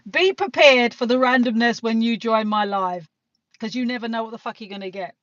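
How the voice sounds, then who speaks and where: A woman's voice: on the high side, moderate pace, a bit bright, dry recording. British woman, live streamer; loose, chatty delivery with casual swearing, dry and dull lo-fi audio. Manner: rambling, chatty, laughs often, swears casually. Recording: dull lo-fi sound.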